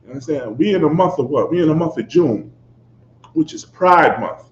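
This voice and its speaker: A fiery sermon from a man with a fairly high, expressive voice at normal speed: confrontational and emphatic, he hammers each point and keeps asking "you understand?", moving from loud outbursts to low asides. The echoey room makes the recording sound dull, with faint ambience behind.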